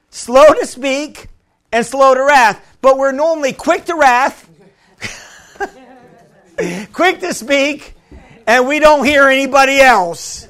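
Very high-voiced man preaching a sermon. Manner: lively and humorous, often asking the congregation "Amen?"; laughs often, restarts phrases.

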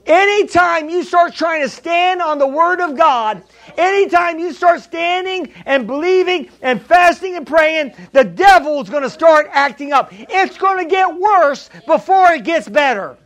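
A man's voice: extremely high pitch, lively intonation, unhurried, a bit bright. A man preaching a sermon as pastor, emphatic and repetitive, calling out to the congregation. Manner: emphatic preaching, repeats key lines, calls to congregation.

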